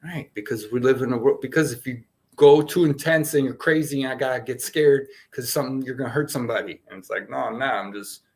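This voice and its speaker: A man's voice: mid-range voice, fast talker, a little mellow. A man hosting a casual spiritual session, talking in a playful, rambling way and laughing often as he jumps between topics.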